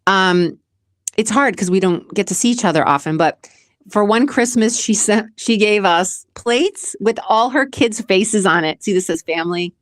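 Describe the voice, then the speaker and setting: A woman's voice: medium pitch, moderate pace, no echo, studio quality. Chatty, emotional woman from Massachusetts. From Massachusetts, USA. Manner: chatty and emotional, laughs often, restarts a lot. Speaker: show host and community founder. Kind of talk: casual vlog answering questions.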